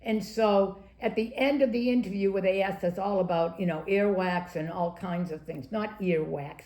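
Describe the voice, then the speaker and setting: An older woman from Maryland, a former political candidate being interviewed, telling anecdotes in a lively storytelling way and acting out the quotes. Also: medium pitch, moderate pace. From Maryland, USA. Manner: lively raconteur, acts out quotes, laughs often. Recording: echoey room.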